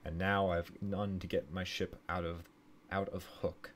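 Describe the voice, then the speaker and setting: A man's voice: low voice, level tone, a little slow, a little hiss or hum. A man voicing a burly, drunken red-haired spacer in plain reading without an accent. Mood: gloomy.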